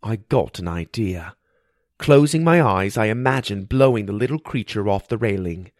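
A man narrating a first-person fantasy audiobook in a steady storytelling read. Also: on the low side, moderate pace, dry recording, studio quality.

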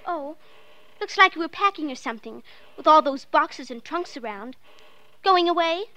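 A woman's voice: sits high, lively intonation, normal speed, sharp tone. A woman playing a determined, earnest little girl in a 1940s radio drama. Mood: probing.

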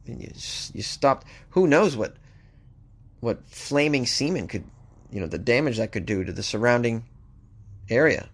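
Man, comedic news host, wry asides, mid-pitched voice, reads then riffs. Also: expressive, unhurried, pauses often. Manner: wry, joking asides between read news stories. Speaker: podcast host.

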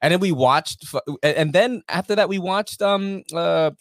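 A man's voice: high-pitched, moderate pace, no room sound, studio quality. A man co-hosting a podcast, chatting casually with loose, profane, joking banter. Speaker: podcast co-host. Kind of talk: casual chat.

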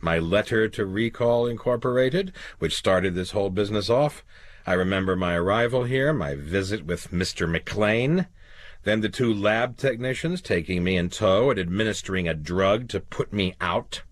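A man voicing an anxious, angry male clerk in a storybook reading, talking insistently in a husky voice. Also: fairly low pitch, animated, moderate pace, dry recording, voice pushed up. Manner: agitated, insistent.

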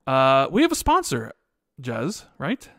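A man's voice: mid-range voice, huge pitch swings, takes it slowly, fairly bright tone, dry recording, clean studio sound. A man hosting a podcast, chatty and upbeat, often repeating himself. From Chicago area, USA. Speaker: podcast host. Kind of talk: casual chat.

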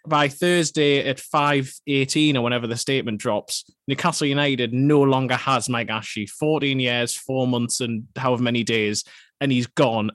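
A man's voice: mid-range voice, a bit bright, no echo, studio quality. A man co-hosting a podcast, telling a self-deprecating story in casual chat. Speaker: podcast co-host, journalist.

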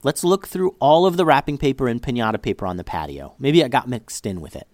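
A man's voice: medium pitch, animated, quick pace, darkish tone, no room sound, studio quality, close to an everyday voice. A man voicing a kind, motherly woman who comforts a child at a party, speaking in a reassuring way. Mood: soothing. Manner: soothing and reassuring.

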